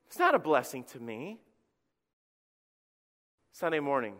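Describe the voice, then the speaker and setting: A middle-aged man preaching a sermon as pastor, telling stories in a conversational, animated way and acting out quotes. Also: mid-range voice, a little slow. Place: church sanctuary. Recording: long reverb of a church hall.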